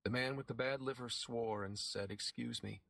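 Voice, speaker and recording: Male audiobook narrator with a measured, dramatic read. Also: mid-range voice, steady tone, fairly bright tone, no echo.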